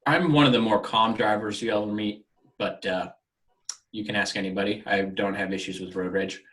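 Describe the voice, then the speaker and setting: Low joking podcast co-host guy, sits back from the mic. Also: steady tone, a little fast, fairly bright tone. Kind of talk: casual chat. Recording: voice a bit far from the mic.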